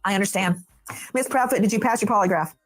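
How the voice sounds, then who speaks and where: A woman interviewing guests in a brisk broadcast style, asking crisp, direct questions. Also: medium pitch, no echo, faint music behind.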